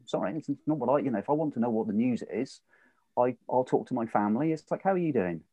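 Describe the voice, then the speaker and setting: A man in a casual podcast chat, animated and laughing often, acting out the voices he quotes. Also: mid-range voice, fast talker, dry recording, muffled recording. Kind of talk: casual conversation.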